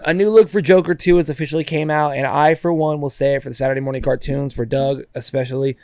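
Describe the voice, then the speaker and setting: Young guy podcast cohost, kinda high voice, gets hyped, swears a lot, dry close mic. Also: fast talker, dry recording. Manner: excitable, swears casually, hypes things up. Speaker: podcast co-host. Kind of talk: casual chat.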